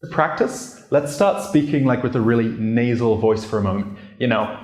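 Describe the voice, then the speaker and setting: In a room with noticeable echo, a man at a medium pitch walks through pronunciation as a fellow learner of the language. He talks at normal speed with hardly any pauses, keeping it laid-back and chatty, with "like" cropping up constantly.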